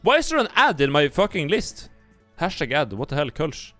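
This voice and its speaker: A man's voice: on the high side, sing-song, moderate pace, fairly bright tone, no echo. A young man streaming casual commentary, blunt and jokey, swearing freely as he thinks aloud. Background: faint background music.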